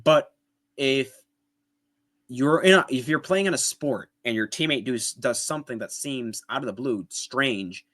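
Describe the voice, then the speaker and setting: A man's voice: medium pitch, unhurried, fairly bright tone. A man hosting a commentary video, explaining his points step by step and often checking in with "right?". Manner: conversational, with restarts and fillers. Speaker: apologetics video host. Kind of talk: casual commentary responding to a debate clip.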